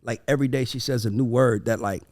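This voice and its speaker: A man in casual podcast conversation with a gravelly, fry-tinged voice. He tells stories with swearing and emphasis. When he quotes the kids, he slips into their voices. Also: medium pitch, fast. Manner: animated storytelling, acting out his kids' voices; profane, emphatic. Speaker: podcast host. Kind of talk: casual chat.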